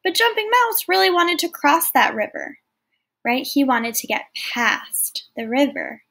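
Teacher lady reading a story to kids, high bright voice, stops to explain stuff. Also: sing-song, unhurried. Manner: clear, explaining, often asks listeners questions. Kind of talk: read-aloud lesson for children.

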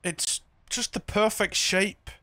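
A man's voice: sits high, fairly even intonation, takes it slowly, pushed and bright, no echo. A man in casual gaming banter, joking playfully with friends. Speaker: game streamer.

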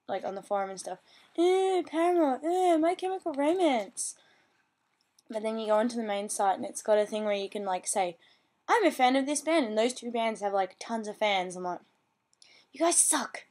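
A teenage girl, chatting bubbly and scattered in a casual home vlog, often gasping and laughing. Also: on the high side. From Australia. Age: teens. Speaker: vlogger. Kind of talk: casual chat.

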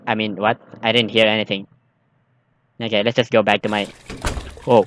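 Jumpy bright-voiced man playing a game. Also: fairly low pitch, flat delivery, normal speed, long pauses, slight background noise. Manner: jumpy, exclaiming, nervous chatter. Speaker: gaming streamer. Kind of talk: let's play commentary, reading game text aloud.

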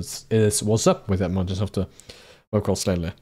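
A man's voice: lowish voice, lively intonation, quick pace, darkish tone. A man chatting through a visual novel playthrough, his voice bouncing up and down a lot as he reacts. He jokes and swears freely, half reading lines and half riffing on them. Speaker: streamer playing a visual novel. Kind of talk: casual let's-play commentary and reading game lines aloud.

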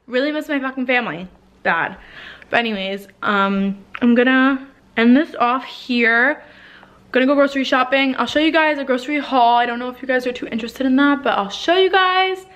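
Woman, 20s, from New Jersey, slightly high voice, breathless chatty vlogger with filler-heavy, sweary delivery. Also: normal speed, a bit bright, highs cut off. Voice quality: frequent "like" fillers, swearing, emotional. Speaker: lifestyle vlogger. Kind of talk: casual chatty vlog monologue. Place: home living room.

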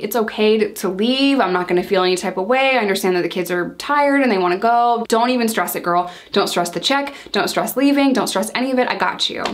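A woman in her thirties telling a personal story in a chatty, exasperated way, quoting herself and others in quick bursts. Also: medium pitch. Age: 30s. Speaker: storytime vlogger. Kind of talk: casual storytelling.

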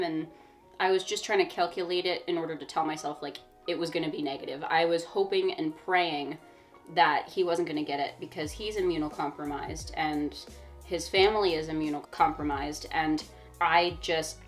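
Chatty young woman, slightly low voice. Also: steady tone, moderate pace, soft background music. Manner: chatty, laughs often, emphatic. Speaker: vlog co-host. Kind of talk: casual storytime chat.

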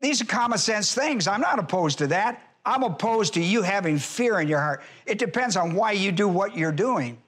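A man preaching a sermon in church in a folksy way, hollering at times and then dropping low, and acting out quoted voices. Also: animated, moderate pace, hardly any pauses, a bit bright. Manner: acts out quoted voices in a high pitch. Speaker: pastor.

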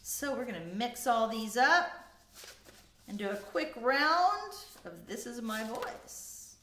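A woman leading a children's choir lesson from home, demonstrating musical terms in a lively repeat-after-me way. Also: fairly high pitch, takes it slowly, a little hiss or hum. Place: home room. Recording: echoey room with faint music.

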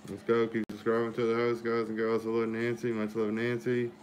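A man with a mid-range, monotone voice hosts a casual livestream, speaking fairly quickly over slight background noise. He keeps greeting viewers by name and thanking them, repeating his shout-outs again and again.

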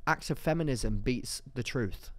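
A man's voice: mid-range voice, lively intonation, measured pace, no room sound. A man co-hosting a podcast in casual comedic chat, playful and theatrical with crude jokes. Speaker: podcast co-host.

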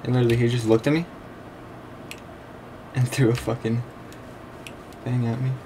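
A young man giving casual commentary over his own gameplay, excitable, laughing often and swearing freely. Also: medium pitch, moderate pace, noisy background. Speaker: gameplay video creator.

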